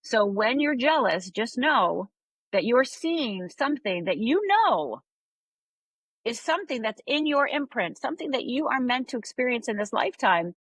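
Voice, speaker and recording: A woman's voice: fairly high pitch, big pitch swings, normal speed, a bit bright, no room sound. A woman coach on a podcast interview, telling a story animatedly and often adding "right?". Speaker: life coach guest.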